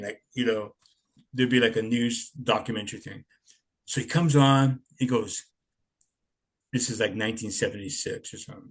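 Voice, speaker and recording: A man in his sixties telling stories in a rambling, laid-back way, swearing often. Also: mid-range voice. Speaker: interviewee, punk musician. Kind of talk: casual storytelling.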